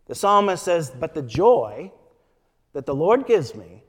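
A man preaching a sermon, slow and measured, reading scripture quotes with emphasis. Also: on the high side, big-room sound.

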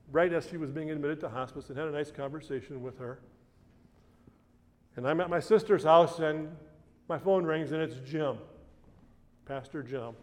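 Pastor telling a story in a reverberant church. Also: male voice, on the high side, a little mellow. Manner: conversational storytelling, often restarts phrases. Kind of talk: sermon with a personal story.

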